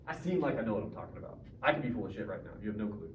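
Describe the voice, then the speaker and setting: Talking very fast and with great animation, this male high school English teacher has a low-ish voice. He keeps the class discussion casual and jokey while quizzing students. Captured from a distance in a roomy classroom, the sound is dull with faint noise.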